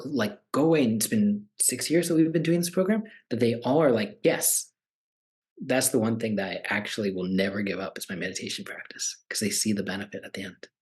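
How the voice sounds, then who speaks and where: Animated man, mid-pitched, conversational. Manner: animated, acts out quoted voices. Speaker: meditation teacher. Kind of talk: conversational talk.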